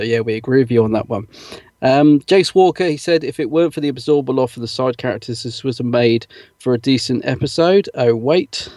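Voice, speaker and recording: In clean studio sound with no room echo, a man with a medium, slightly mellow voice co-hosts a podcast. He reads listener comments casually and chattily, packing in fillers and laughing easily.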